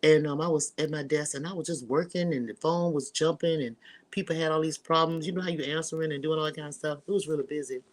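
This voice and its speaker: A woman's voice: low-pitched, steady tone, fast. A middle-aged woman hosting, telling a personal story in casual chat to her listeners, candid and earthy. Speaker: host.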